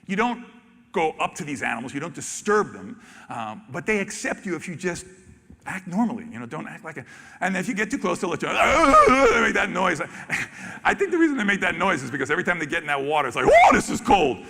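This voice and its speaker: A man, a wildlife photographer, telling stories animatedly on stage and acting out reactions with sudden loud exclamations. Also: sits high, sing-song, a little fast, vocal fry. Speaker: wildlife photographer giving a talk. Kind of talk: animated storytelling presentation. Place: large expo hall stage. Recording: reverberant hall.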